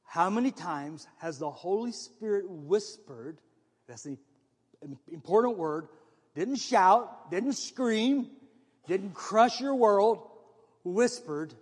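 A man with a notably high voice preaches to his congregation, talking in a loose, conversational way with frequent repetitions and restarts. His voice rings out with a long reverb, as in a church sanctuary. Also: expressive, takes it slowly, slightly rough. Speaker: pastor. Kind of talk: sermon.

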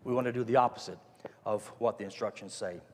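A man's voice: fairly low pitch, quick pace. A man preaching a sermon as pastor, folksy and emphatic, repeating his phrases for weight. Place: church hall. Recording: echoey hall reverb.

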